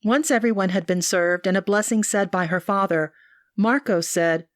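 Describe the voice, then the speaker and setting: A woman narrating an audiobook in an even, measured way. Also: medium pitch, no room sound, studio quality.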